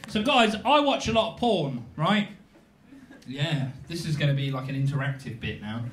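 A young man in his twenties performing live stand-up comedy in a small venue, animated and playful with dry asides. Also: on the high side, moderate pace, a little hiss or hum. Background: audience laughter.

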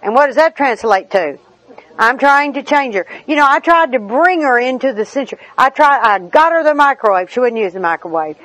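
A woman's voice: sits high, animated, brisk, fairly bright tone, low-quality recording. A middle-aged woman, giving a personal recovery talk in a humorous, chatty storytelling manner with asides. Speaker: recovery meeting speaker.

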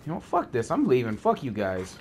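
Young male gamer, sweaty and seething, cursing nonstop with a lively, jumpy delivery. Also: mid-range voice, fairly quick, faint music behind. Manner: furious, swearing, shouting at teammates. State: sweaty and worked up. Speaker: gamer streaming gameplay. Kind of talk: angry gaming rant.

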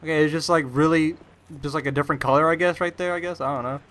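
A young man talks through his gameplay with a bright, forceful voice pitched a little high. His commentary rambles, full of "like" and sudden startled outbursts. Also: fairly even intonation, quick pace. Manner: rambling, says "like" constantly, jumpy startled outbursts. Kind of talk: casual let's-play commentary.

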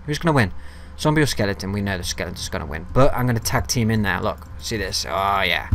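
A man's voice: lowish voice, quick pace, hardly any pauses, a little hiss or hum. A young man giving casual commentary while playing a game, chatting to viewers and the creatures on screen and swearing freely. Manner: gets loud and excited when ambushed. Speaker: gaming video host. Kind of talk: casual let's-play commentary.

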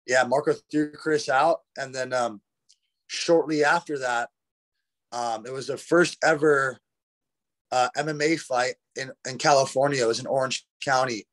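This podcast guest, a retired fighter, rambles through casual stories full of profanity and plenty of "bro" and "dude." His mid-range voice is a bit bright with fairly even intonation, and he doesn't hurry.

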